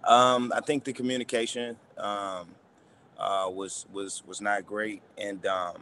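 A man, a basketball coach, answering press questions in a halting way, repeating words and using many fillers. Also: lowish voice, little pitch movement, sharp tone, a little hiss or hum.

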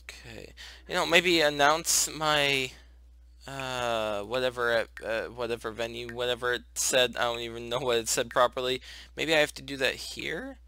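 A man's voice: medium pitch, steady tone, normal speed, vocal fry, smooth, no echo. A young man casually commenting on a life-sim game, chatting to his characters and gushing when something cute happens. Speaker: gaming channel host. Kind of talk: casual let's play commentary. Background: soft background music.

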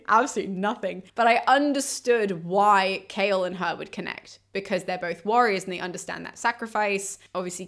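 A woman's voice: medium pitch, a bit bright. Chatty young woman gushing about books. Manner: enthusiastic, chatty, many asides. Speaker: book reviewer. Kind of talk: casual chat.

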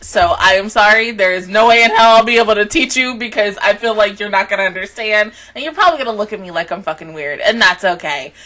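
A young woman giving a casual anime reaction review, chatty, laughing often and squealing high when excited.

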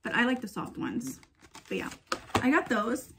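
Young woman, excitable haul vlog chat, slightly high voice, faint background hiss. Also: moderate pace. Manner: chatty and excitable, addresses viewers as girl and y'all. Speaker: vlogger.

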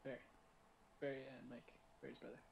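A man's voice: mid-range voice, completely flat delivery, a little fast, gravelly, slight background noise, low-quality recording. A man chatting and laughing often with friends while fumbling through game menus. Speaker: gamer in a party chat. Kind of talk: casual chat.

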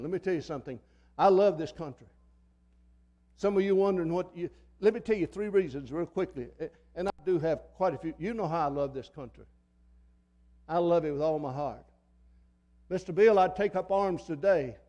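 A man's voice: fairly high pitch, brisk, warm tone, dull audio. An older man preaching a sermon in a church, in a fiery, folksy manner that repeats phrases for emphasis. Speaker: pastor. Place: church sanctuary.

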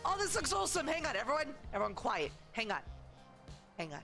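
A woman's voice: high voice, very animated, fast, creaky, sharp tone, soft background music. A woman livestreaming a charity stream, talking in a gushing, emotional way with a lot of rambling and fillers. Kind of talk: casual livestream chat.

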